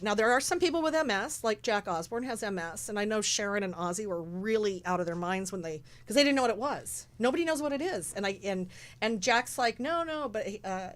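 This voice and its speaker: A woman guest in casual chat who organizes charity shows, talking in a rambling, emotional way and acting out what others said. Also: mid-range voice. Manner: rambling, emotional, acts out quotes.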